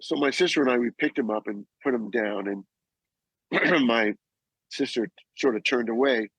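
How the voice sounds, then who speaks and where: A man in his sixties, a guest, slowly recounting a personal loss with halting pauses and restarts. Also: mid-range voice, a bit bright, breathy edge, no room sound, rough recording. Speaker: guest, actor and author. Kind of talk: emotional personal storytelling.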